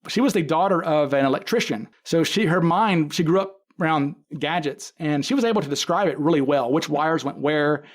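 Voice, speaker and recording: This man speaks at a fairly high pitch and a brisk clip, barely pausing. He's a podcast guest and case expert casually retelling events in detail, acting out quoted dialogue and frequently restarting or correcting his sentences.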